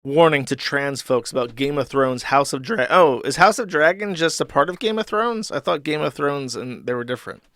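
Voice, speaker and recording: A man's voice: a little high, expressive, moderate pace, hardly any pauses, a bit bright, no echo, clean studio sound. A man hosting a livestream, reading chat and forum comments aloud and reacting in a crude, mocking way.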